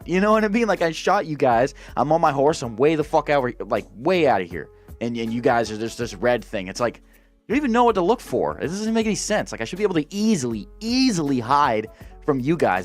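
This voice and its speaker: A man hosting a gaming channel, ranting casually and profanely, exasperated and full of restarts. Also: medium pitch.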